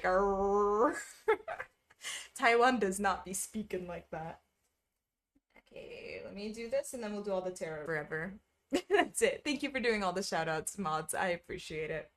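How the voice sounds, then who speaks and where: A young woman streaming, chatting casually with her viewers, reading their messages aloud and laughing often. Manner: chatty, reads chat aloud, laughs often, lively pitch swings. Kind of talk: casual chat with live chat.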